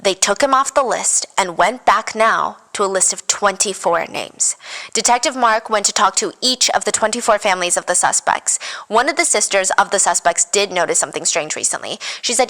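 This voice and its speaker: A woman hosting a podcast, retelling a true crime story in a casual, animated way with wry asides. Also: mid-range voice, moderate pace, low-quality recording. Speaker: podcast host.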